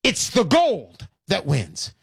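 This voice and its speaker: A man hosting a call-in show, pitching with brash, hard-selling talk and lots of repetition. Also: huge pitch swings, slow pace, vocal fry, breathy edge, no room sound, studio quality. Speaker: radio show host.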